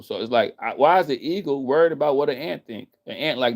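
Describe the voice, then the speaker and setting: A man's voice: medium pitch, animated, fast talker, hardly any pauses. Male vlogger, emphatic and profane, hammering points over and over in a mid-range voice. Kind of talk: heated casual rant to viewers.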